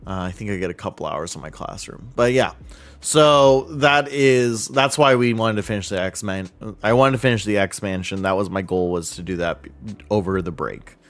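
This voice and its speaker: A man in his thirties chatting casually on a live stream, heartfelt and halting, with frequent fillers and restarts. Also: sits low.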